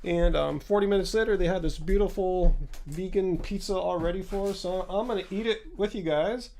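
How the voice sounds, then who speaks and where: A man hosting a casual livestream from home, his voice pitched high with a gravelly, fried edge. He rambles along loosely, stopping for ums and chatty side remarks. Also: fairly quick, a little mellow, a little hiss or hum. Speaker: livestream host. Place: home room with laptop.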